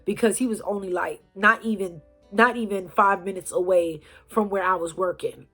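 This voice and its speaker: A woman telling a personal story to her viewers in a chatty, animated way. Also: mid-range voice, normal speed, faint music behind. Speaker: storyteller, channel host. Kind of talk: casual storytime vlog.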